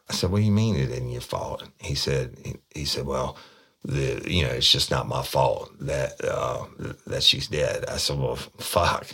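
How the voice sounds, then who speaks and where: A man's voice: a bass voice, vocal fry, a bit bright, husky. A middle-aged man, a detective bluntly recounting an interrogation. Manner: blunt, profane storytelling.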